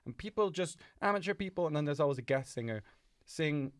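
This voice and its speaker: A man's voice: medium pitch, quick pace, dry recording, studio quality. A man co-hosting a comedy podcast, telling a rambling story in casual chat. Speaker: podcast co-host.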